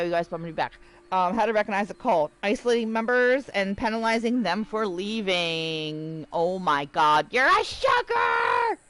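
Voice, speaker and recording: Lively, animated woman streamer chatting. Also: mid-range voice, low-quality recording. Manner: chatty, reads aloud and riffs with jokes. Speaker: live streamer. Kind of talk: casual livestream chat while gaming.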